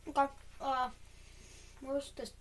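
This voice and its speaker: High-voiced woman muttering while gaming. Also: completely flat delivery, a bit bright, slight background noise. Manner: talks to herself, quickly frustrated, hums while working. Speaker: gaming video creator. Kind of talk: self-talk while playing a game.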